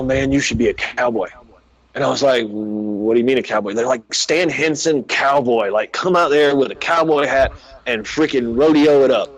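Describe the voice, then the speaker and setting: A man from the American South with a Southern accent, guest on a casual interview show. His voice sits at an ordinary middle pitch. He rambles through his stories, full of "uh" and "like", and acts out the lines of people he met. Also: rough recording. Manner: rambling, frequent "uh" and "like", quotes others in dialogue. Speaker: professional wrestler guest.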